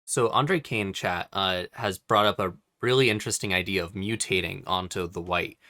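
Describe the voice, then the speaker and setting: A man co-hosting a casual podcast who thinks out loud and brings in chat comments. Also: low-pitched, moderate pace, dry recording, clean studio sound. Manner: thoughtful, reads chat comments. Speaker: podcast co-host. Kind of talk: casual card review chat.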